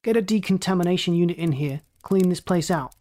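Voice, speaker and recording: A reader voicing frantic space captain Scott. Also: male voice, sits high, a little fast, mellow, lightly acted. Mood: commanding. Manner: barked urgent orders. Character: frantic male space captain, driven and commanding.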